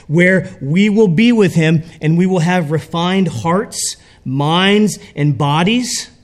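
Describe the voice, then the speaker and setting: A man's voice: sits high, slow. A man preaching a sermon, talking conversationally and often checking in with the congregation. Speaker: pastor.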